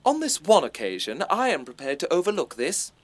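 A bossy, self-important director with a posh English accent in a radio comedy. He lectures everyone in a lofty tone, and his pitch rises and falls widely. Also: huge pitch swings, brisk. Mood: pompous. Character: pompous, bossy middle-aged male director. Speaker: amateur theatre director.

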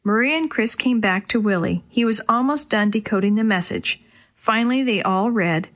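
A woman narrating a children's storybook chapter in a clear, expressive way. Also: mid-range voice, normal speed. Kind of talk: storybook reading.

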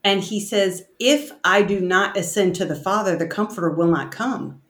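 A woman leading a casual bible study discussion, reading scripture aloud and talking it through in halting, restarting sentences. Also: medium pitch. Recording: roomy echo.

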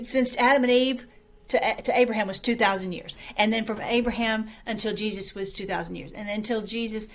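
A woman hosting an online show, talking casually to her viewers in a rambling, chatty way with many restarts, her voice a little weak and short of breath. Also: mid-range voice.

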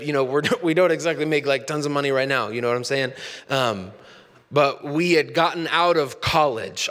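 A man's voice: medium pitch, sharp tone, in a large hall. A man in his thirties, a pastor, preaching a sermon in a conversational storytelling way that builds into passionate preaching.

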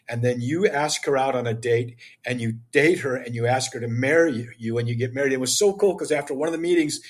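An older man appears as a podcast guest, speaking passionately and fairly quickly in a mid-range voice. His impassioned interview talk is emphatic and preachy, and he acts out dialogue.

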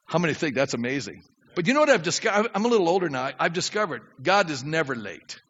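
Older guy preaching, high bright voice, big echoey church, bit muffled. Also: fast. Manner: animated preaching, acts out prayers, drops low then shouts. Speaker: pastor. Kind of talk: sermon. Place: church sanctuary. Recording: dull reverberant church recording.

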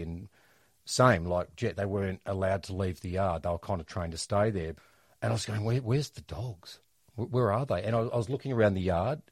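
Lively Australian man telling stories. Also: deep voice, no echo, studio quality. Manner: animated, jokey storyteller. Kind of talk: casual storytelling chat.

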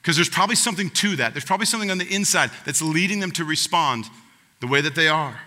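Bright, sharp-voiced preaching man. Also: fairly high pitch, animated, fast talker, long reverb tail. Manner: earnest, direct address to the congregation. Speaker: pastor. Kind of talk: sermon.

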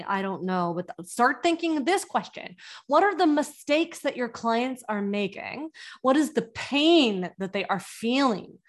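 An energetic young woman teaches on her podcast, coaching listeners through business questions. Her voice sits a little high, and she keeps asking rhetorical questions as she pushes her points home.

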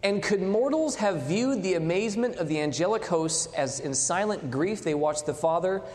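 A man preaching with a lively, rising and falling voice. He swings from loud declarations to hushed, near-quiet lines. His words ring out with a long hall reverb. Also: sits high, normal speed. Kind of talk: sermon.

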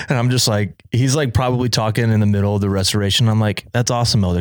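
A young man telling a story in a casual chat, animated and laughing often as he acts out quoted lines. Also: fairly low pitch, quick pace, few pauses, no room sound, clean studio sound. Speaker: podcast guest telling a story.

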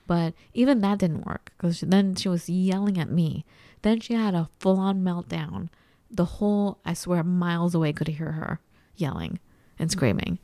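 Animated woman telling a story, dry sound. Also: on the low side, moderate pace, no room sound. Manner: animated storytelling, acts out quotes. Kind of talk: casual chat.

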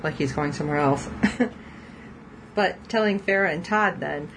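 A woman's voice: sits low, normal speed, background noise. A woman co-hosting a casual podcast, recapping a TV episode in a chatty way and laughing often as she quotes the characters. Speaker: podcast co-host.

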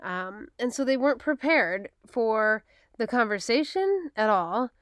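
Frustrated mother, 30s, frank storytelling, crisp dry voice. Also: a little high, expressive, measured pace, fairly bright tone, dry recording. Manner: upset, frank, retelling dialogue with emphasis. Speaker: mother telling a personal story. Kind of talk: casual personal storytelling.

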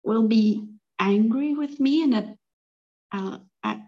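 A woman artist being coached, talking hesitantly with many pauses and restarts. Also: on the high side, dull audio. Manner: hesitant, halting, restarts and laughs nervously. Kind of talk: coaching session.

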